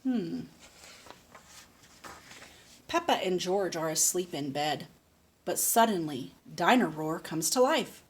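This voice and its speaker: A woman reading a picture book aloud slowly and patiently, stopping to ask a child questions. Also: on the low side, lively intonation, breathy edge. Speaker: speech therapist.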